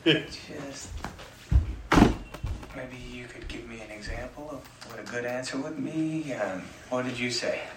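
An actor playing a timid, indecisive businessman who answers in halting, apologetic bits, heard as film audio. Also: mid-range voice, over loud music, lightly acted. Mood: flustered. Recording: distant echoey film audio with loud noise.

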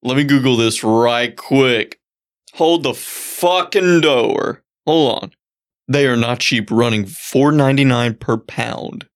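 A man co-hosting a casual podcast chat, telling rambling, profane stories and jumping to high, excited exclamations. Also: slow. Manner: profane, rambling storyteller with big excited pitch jumps.

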